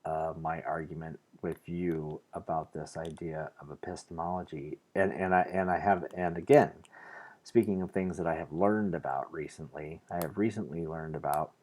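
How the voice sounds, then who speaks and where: A man's voice: rumbling low, fairly even intonation, normal speed, a little mellow. A man from the United States giving an earnest, argumentative vlog monologue, hesitant and full of restarts. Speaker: vlogger. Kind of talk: casual monologue to the camera.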